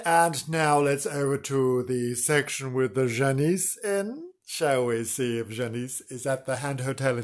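A man's voice: medium pitch, measured pace, few pauses. A man hosting a comic radio-style show in a camp, rambling, mock-dramatic way. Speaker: host.

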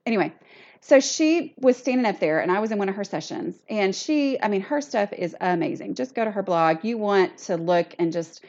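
A woman's voice: mid-range voice, lively intonation, brisk, a little mellow. A middle-aged woman, chatting casually and self-deprecatingly as a solo podcast host. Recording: dull lo-fi recording.

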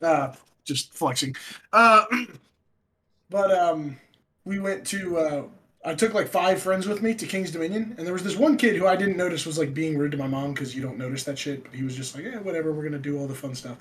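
A young man casually telling childhood stories, animated and swearing, acting out quotes from his parents. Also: fairly high pitch, moderate pace, a little hiss or hum. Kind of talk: casual storytelling chat.

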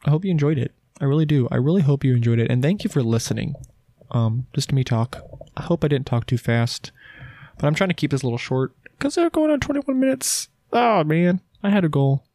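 A man's voice: fairly high pitch, lively intonation, fairly quick, warm tone, no room sound, clean studio sound. A man hosting a solo podcast, talking casually in a rambling, chatty, self-deprecating way. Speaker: podcast host.

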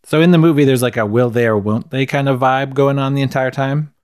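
A man's voice: mid-range voice, fairly even intonation, a little fast, a little mellow, no room sound, clean studio sound. A man co-hosting a podcast, chatting casually about a film in a laid-back, rambling way. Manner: laid-back, rambling, chuckles at his own jokes. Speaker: podcast co-host. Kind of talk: casual film review chat.

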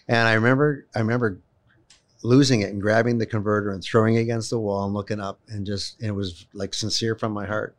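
A man, a guest telling personal stories in an animated, emphatic way, often repeating words as he gets going. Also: on the low side, fast. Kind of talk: personal storytelling in a conversation.

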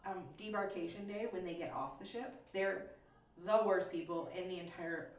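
A woman's voice: fairly low pitch, normal speed, distant mic. Giggly woman telling stories, echoey room. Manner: animated storyteller, giggles often, acts out people yelling. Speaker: podcast guest, musical comedian. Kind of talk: casual chat. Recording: echoey room, a bit off mic.

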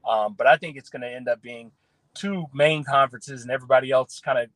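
A man from the US South giving animated, opinionated takes as a guest on a casual sports talk show. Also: mid-range voice, fairly quick, dry recording, low-quality recording. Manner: opinionated, animated, restarts phrases.

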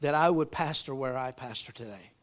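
A male pastor preaching a sermon, telling a story in a calm tone before building to raised, emphatic preaching. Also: mid-range voice, brisk.

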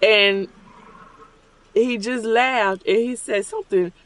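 This middle-aged host speaks slowly in a high, steady, fairly bright voice. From his car at a drive-thru, he rambles conversationally through a story while ordering, acting out remembered dialogue.

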